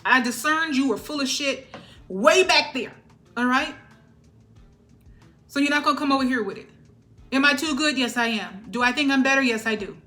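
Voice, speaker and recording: A woman with a high, bright voice gives a spiritual tarot reading to her viewers. She is emphatic and sassy and keeps checking in with "all right?" Soft music plays behind her. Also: moderate pace, pauses often. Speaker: tarot reader.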